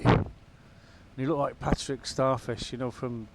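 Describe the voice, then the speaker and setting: While flying a helicopter in a VR game, a man offers casual, rambling commentary laced with wry asides. His medium-pitched voice is flat and creaky, his pace measured, and heavy background noise sits behind him.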